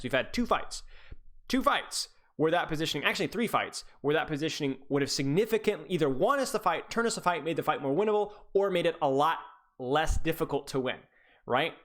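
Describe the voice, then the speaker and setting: A man coaching a player through a gameplay review on a live stream, talking fast and rambling, teasing now and then, with many restarts. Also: on the high side, fairly bright tone.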